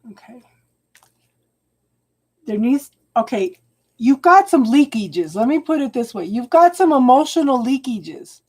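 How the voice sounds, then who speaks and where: Her high-pitched, sing-song voice has a slightly mellow touch as she reads tarot live for viewers. She halts, repeats herself, restarts phrases, and calls everyone hun.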